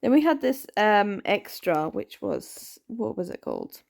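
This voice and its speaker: A woman's voice: mid-range voice, sing-song, measured pace, creaky, a little mellow. A woman chatting casually in a reading vlog, rambling with many ums and laughs, sounding tired. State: tired, yawning. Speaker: book vlogger.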